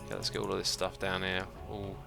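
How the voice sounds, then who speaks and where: Over music, a man with a low, totally flat voice and some vocal fry talks quickly while playing on a livestream. He chats casually with viewers, reads their messages aloud, and thinks out loud, full of fillers and restarts.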